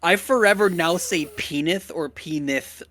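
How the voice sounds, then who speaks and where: A man's voice: fairly high pitch, measured pace, fairly bright tone. A man streamer in casual chat, joking and laughing often, sometimes trailing off.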